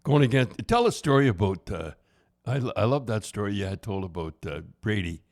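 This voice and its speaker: A man's voice: fairly low pitch, very animated, fairly quick, a little mellow. Older man telling rambling stories. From Canada. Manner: rambling storyteller with false starts. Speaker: podcast host. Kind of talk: casual chat.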